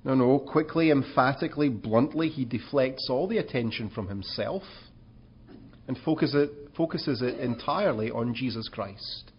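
A man's voice: mid-range voice, expressive, normal speed, slightly rough, dull audio. A man preaching a sermon in an earnest way, asking rhetorical questions and rising in emphasis.

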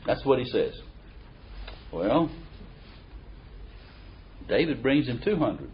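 Folksy, animated man preaching, lo-fi. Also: medium pitch, slow pace, pauses often, slight background noise. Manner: folksy and animated, reads verses aloud with emphasis. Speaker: preacher or Bible teacher. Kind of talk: conversational sermon. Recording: dull lo-fi recording.

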